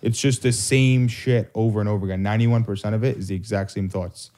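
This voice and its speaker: A man's voice: lowish voice, fairly even intonation, quick pace, dark tone. A young man co-hosting a casual late-night podcast, talking bluntly with lots of swearing and repeating his points for emphasis. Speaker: podcast co-host.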